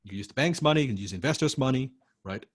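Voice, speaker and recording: Animated and rapid-fire, this man speaks at medium pitch as he teaches a recorded course lecture. The instructor is blunt and punchy, firing rhetorical questions, asking "right?" after each point, and occasionally swearing for emphasis.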